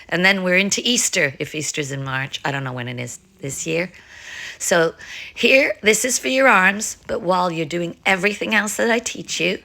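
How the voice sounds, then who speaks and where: A woman's voice: fairly low pitch, pushed and bright. An older woman giving a casual Pilates and kettlebell lesson at home, chatting, laughing often and switching between French and English. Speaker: Pilates and ballet instructor. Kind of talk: casual exercise instruction. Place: home, France.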